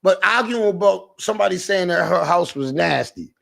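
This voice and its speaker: A man hosting a livestream, ranting in a casual, animated way, repeating himself and mimicking callers. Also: high voice, normal speed, vocal fry. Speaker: livestream host.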